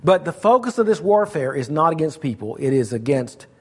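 A man's voice: fairly high pitch, big pitch swings, a little fast, husky. A man preaching an expository sermon, reading scripture aloud and explaining it verse by verse.

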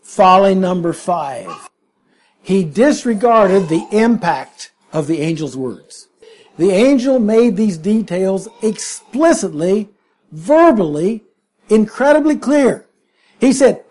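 A man's voice: high voice, big pitch swings, takes it slowly, a little mellow. A man preaching a sermon, emphatic and full of rhetorical questions.

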